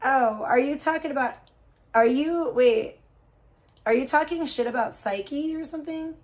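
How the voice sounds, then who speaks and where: A woman's voice: sits high, unhurried. A woman livestreamer in casual talk, profane and gossipy, venting at length about other streamers.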